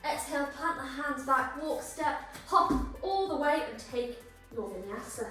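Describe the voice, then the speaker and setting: Woman yoga teacher, high voice, a bit breathless, encouraging cues; heard far off in a very echoey room over music. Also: animated, unhurried, bright, forceful tone. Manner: encouraging, cueing breath and poses. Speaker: yoga instructor. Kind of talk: guided yoga flow instruction.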